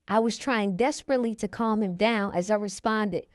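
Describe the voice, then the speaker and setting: A woman reading a memoir aloud in the first person, in a steady manner. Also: fairly high pitch, normal speed, no room sound, clean studio sound. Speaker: reader.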